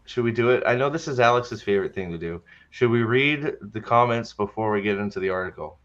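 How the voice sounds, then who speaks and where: A man's voice: lowish voice, a little fast, fairly bright tone. Rambling man hosting a livestream, lo-fi. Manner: rambling, joking, stammering restarts. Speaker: livestream podcast host. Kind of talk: casual chat.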